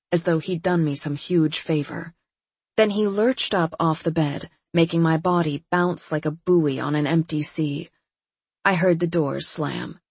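A woman with a husky voice reading a first-person novel in a wry, detached manner. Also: sits low, dry recording. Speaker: audiobook narrator. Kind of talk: scripted first-person narration.

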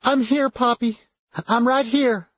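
A man voicing a distraught young woman who is crying and pleading in a high, breaking voice. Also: a little slow, breathy edge, dry recording. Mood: tearful.

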